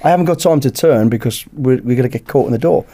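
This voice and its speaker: A British man, a podcast guest, telling a lively anecdote in casual chat and acting out the dialogue. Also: mid-range voice, fast talker. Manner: lively anecdote-teller who acts out dialogue. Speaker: podcast guest, former bodyguard.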